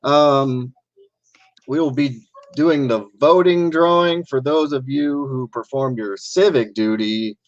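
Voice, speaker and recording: A man's voice: medium pitch, slow, no echo, dull audio. A man hosting a casual live video stream, upbeat and chatty, greeting viewers and introducing a guest over a computer mic. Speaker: host. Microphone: computer mic on a video call.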